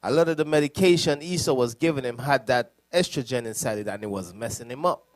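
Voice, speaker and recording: A man's voice: medium pitch, quick pace. A young man serving as a deacon, speaking loosely and conversationally in a classroom, laughing at his own jokes. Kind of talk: classroom teaching.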